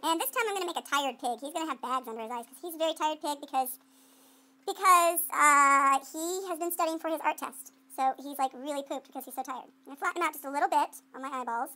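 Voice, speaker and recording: Quick and sharp in tone, with a high pitch, a woman art teacher leads a clay demonstration. She keeps it playful and chatty, narrating her thoughts to herself as she works and quizzing the class back and forth.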